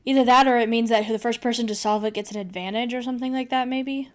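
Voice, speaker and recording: A woman's voice: on the high side, fairly even intonation, fast, close to an everyday voice. A woman voicing a game contestant in a plain, dry-humored reading.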